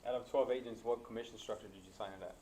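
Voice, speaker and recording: Man, real estate agent, very fast clipped asides, lowish voice, faint background noise. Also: steady tone, darkish tone, low-quality recording. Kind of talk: casual interjections in a class.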